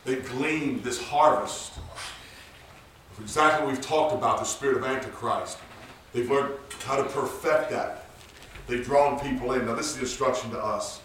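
A man preaching a sermon, swinging from low murmurs to shouted high cries. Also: a little slow, slight background noise. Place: church sanctuary. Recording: roomy church recorded from far off.

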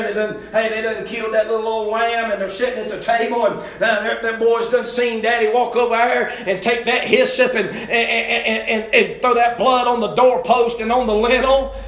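A man preaching a folksy, impassioned sermon, swinging from loud exhortation to hushed intensity. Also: high voice. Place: church sanctuary. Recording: very echoey church hall.

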